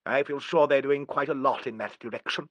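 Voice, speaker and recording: A man voicing a dry, fussy older English gentleman in an audiobook, speaking in a brisk, clipped, well-spoken manner. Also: mid-range voice, fairly even intonation, no echo, dull audio, close to an everyday voice. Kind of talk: audiobook character reading.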